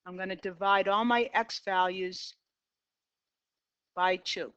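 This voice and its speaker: A woman's voice: mid-range voice, steady tone, takes it slowly, fairly bright tone, smooth, no room sound. A middle-aged woman with a Boston accent teaching a math class, talking herself through graph sketches in an upbeat way. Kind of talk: classroom lecture. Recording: dull lo-fi, dry.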